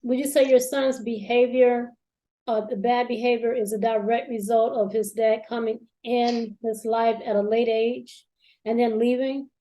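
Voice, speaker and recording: A woman host asking calm, probing interview questions. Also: a little high, measured pace, low-quality recording.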